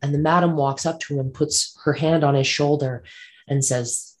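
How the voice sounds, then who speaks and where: A man's voice: fairly high pitch, fairly even intonation, normal speed. A man, a guest on an interview show, telling a personal ghost story earnestly and vividly, repeating phrases for emphasis.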